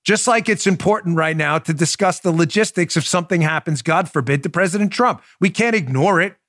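A man's voice: on the high side, brisk, fairly bright tone, no room sound, clean studio sound. A man hosting a political commentary podcast, talking emphatically and with indignation, addressing his listeners directly. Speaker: podcast host.

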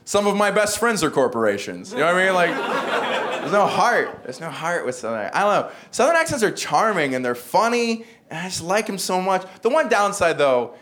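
A man's voice: sits high, sing-song, a little fast, fairly bright tone. A man from the American South with no regional accent, doing a stand-up set in a dry, self-mocking delivery. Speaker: stand-up comedian. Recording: live show with audience laughter. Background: crowd laughter.

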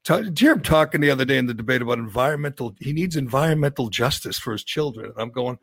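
A middle-aged man with a gravelly voice grumbles through blunt, opinionated talk-show commentary. He sounds like a show regular. The sound is close and dry. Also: medium pitch, expressive, very fast, no echo. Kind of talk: casual radio talk.

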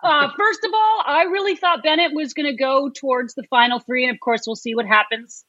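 A woman's voice: high-pitched, fairly quick, pushed and bright, dry recording. A woman guest chatting casually on a podcast, giving wry, candid opinions. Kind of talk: casual chat. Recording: slightly muffled sound.

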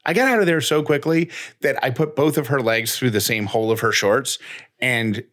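A man's voice: mid-range voice, moderate pace, fairly bright tone. A man in his thirties co-hosting a podcast, telling a story in casual chat and acting out both sides of an exchange. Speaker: podcast co-host.

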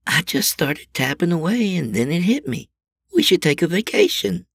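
An excitable, chatty middle-aged wife, voiced by a man in a storybook audio drama. Her voice is raised well above his own, swinging up and down with a husky, gravelly texture. It is recorded close and dry, with no room sound. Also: high voice, moderate pace, no echo, pitched above the performer's own voice, exaggerated voice. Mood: excited. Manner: bright, lively, sing-song.

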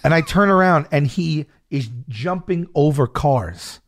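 A man telling a story in casual chat, animated and laughing often, acting out shouted quotes. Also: on the high side, a little slow, a crowd in the background.

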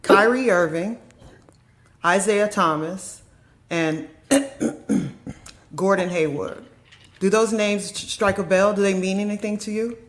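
A woman's voice: mid-range voice, slow, long pauses, natural voice. A woman playing a TV interviewer who grills her guest with pointed questions. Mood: pressing. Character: pushy female TV interviewer.

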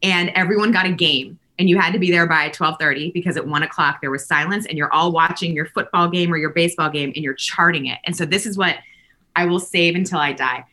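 A woman in her forties telling lively stories in casual conversation, laughing often and acting out the people she quotes. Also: fairly low pitch, quick pace. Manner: animated, laughing, acts out quoted voices. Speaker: podcast guest.

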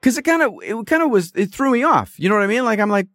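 A man's voice: sits high, sing-song, fast, a bit bright, no echo, studio quality. A man hosting a podcast, telling a story in a rambling, exasperated casual monologue. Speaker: podcast host.

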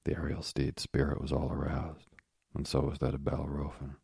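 Narrator, male: very deep, raspy and monotone, dry booth sound, measured storybook reading. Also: dry recording.

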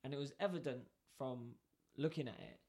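British man telling a lively anecdote. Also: mid-range voice, a little fast, slightly rough. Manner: animated storyteller who acts out both sides of conversations. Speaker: podcast co-host. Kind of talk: casual chat, telling an anecdote.

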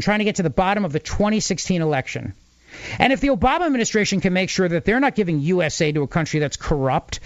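Fill-in radio host: a New man with a high voice, punchy and mocking on a dry, lo-fi feed. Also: no echo. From New Jersey. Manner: argumentative, emphatic, mocks opponents. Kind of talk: talk radio political monologue.

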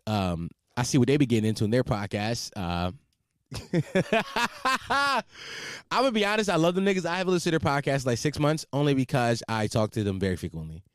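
A young man hosting his own podcast, talking in a loud, profane and rambling way from home at night. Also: medium pitch, lively intonation, fairly quick, dry recording. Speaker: podcast host. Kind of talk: casual solo podcast chat.

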